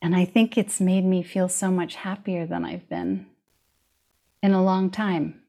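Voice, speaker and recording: A woman's voice: fairly low pitch, fairly even intonation, measured pace, dark tone. A middle-aged woman in casual conversation, speaking thoughtfully and laughing easily. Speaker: guest.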